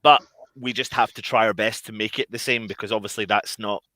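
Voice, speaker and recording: A man from Scotland, a guest on a fan livestream, chatting casually and warmly with many repeated words and restarts. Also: fairly low pitch, fairly even intonation, a little fast, no echo. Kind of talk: casual chat.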